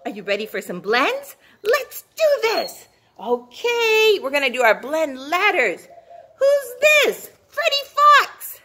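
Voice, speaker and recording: A woman's voice: a little high, a bit bright. A woman teaching a phonics lesson to young children, cheery and encouraging, drawing out each sound.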